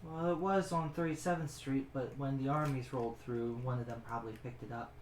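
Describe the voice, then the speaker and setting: A game master voicing a soft-spoken, weary fey woman who talks quietly and politely. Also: medium pitch, fairly even intonation, fairly quick, roomy sound, a little hiss or hum, natural voice. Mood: wistful.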